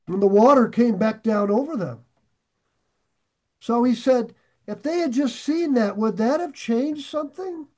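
A man with a high voice preaching a sermon. He talks to his listeners in a plain, chatty way. He drags out and lifts the phrases he wants to press home. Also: dark tone. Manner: emphatic, slows and rises to stress key phrases; conversational asides to listeners. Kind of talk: sermon on scripture.

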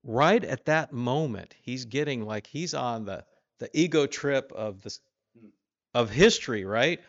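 A man preaching in a casual, conversational way, stopping often to put questions to his listeners. His voice sits at a middle pitch and sounds dry and close, with a slightly dull, muffled tone. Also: expressive, unhurried, no echo. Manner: voices the king boastfully, louder and higher. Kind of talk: informal sermon with scripture reading.

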